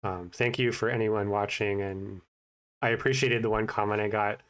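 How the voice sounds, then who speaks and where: Man, low-pitched, mumbling, hesitant, casual vlog update, self-conscious. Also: fairly even intonation, normal speed, a bit bright, clear, resonant tone. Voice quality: naturally mumbling voice. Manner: hesitant, many fillers and restarts. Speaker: vlogger, language learner.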